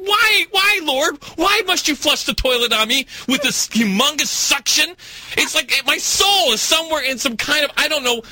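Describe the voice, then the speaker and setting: A man hosting a radio talk show, telling a comic story with animated, exaggerated cries of alarm. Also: very high-pitched, dry recording. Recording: radio studio mic.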